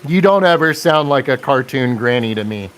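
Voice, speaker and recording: A man's voice: medium pitch, expressive, normal speed, fairly bright tone, smooth. A man hosting a casual live stream, chatting and answering viewer comments with frequent laughs.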